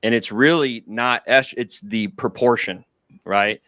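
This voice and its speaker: A man's voice: medium pitch, a little slow, bright, forceful tone, no room sound, studio quality. A man explaining a health topic in a casual, matter-of-fact way during a group chat stream. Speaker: guest doctor.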